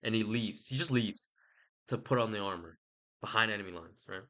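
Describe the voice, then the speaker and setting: A man's voice: on the low side, a little fast, fairly bright tone. A young man rambling casually about a book he read, slangy and profane. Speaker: host.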